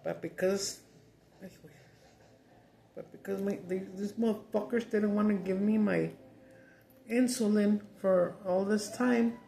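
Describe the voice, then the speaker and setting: A woman's voice: medium pitch, fairly even intonation, slow, creaky, long pauses, dark tone. A middle-aged woman chatting casually while eating, cussing in frustration and mixing Spanish with English. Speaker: mukbang vlogger. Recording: roomy echo.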